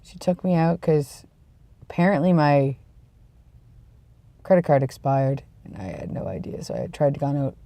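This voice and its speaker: A sick vlogger talks casually to the camera, sniffly, congested and yawning through a rambling, self-deprecating chat. The voice is gravelly with a dark, mellow tone, recorded close and dry. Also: sing-song, moderate pace, pauses often, no echo. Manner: rambling, self-deprecating, trails off into low mumbles. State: tired and yawning.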